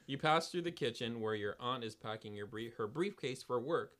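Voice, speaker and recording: A man's voice: medium pitch, animated, normal speed, fairly bright tone. A man hosting a comedy podcast, reading a kids' adventure book aloud with stumbles, laughs and jokey asides. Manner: reads with stumbles and laughs, dry jokey delivery.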